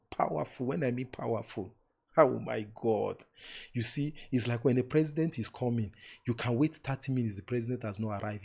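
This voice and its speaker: A man hosting a live-streamed relationship talk, speaking warmly and emphatically to online viewers, repeating words for stress and closing with preacher-like blessings. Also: medium pitch, breathy edge.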